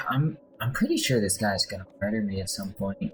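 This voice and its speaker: A man's voice: fairly low pitch, expressive, brisk, few pauses, slight background noise, poor audio. A man casually commenting on his game play with wry, self-deprecating asides. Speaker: let's play host.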